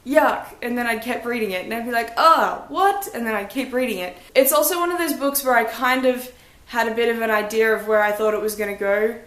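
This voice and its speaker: A woman's voice: fairly high pitch, fairly bright tone, reverberant. Blunt, chatty young woman reviewing books. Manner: blunt, chatty, self-deprecating. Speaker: book vlogger. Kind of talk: casual book review vlog.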